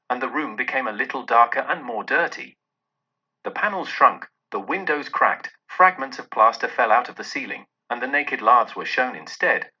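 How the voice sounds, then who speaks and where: A man reading a classic story aloud in a dramatic, expressive narration. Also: slightly rough. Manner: dramatic, with many shifts in pitch and loudness. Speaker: audiobook narrator. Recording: dull lo-fi recording.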